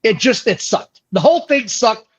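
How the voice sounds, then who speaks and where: A man's voice: sits high, animated, moderate pace, husky. A man co-hosting a casual wrestling podcast, recapping events with dismissive play-by-play. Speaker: podcast co-host. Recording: dull lo-fi audio.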